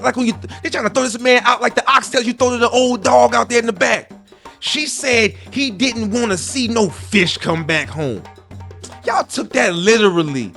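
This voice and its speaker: A man voicing a zealous, preachy male conspiracy-minded defender who rants in a sing-song way with sudden shouted bursts. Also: high-pitched, gravelly, full character voice. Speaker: comedic character.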